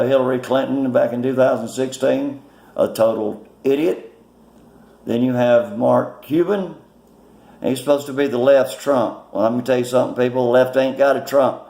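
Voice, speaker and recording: A man's voice: medium pitch, creaky, a little mellow, reverberant. A man giving blunt, mocking political commentary in a casual, rambling way, full of fillers, recorded on a phone. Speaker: political vlogger.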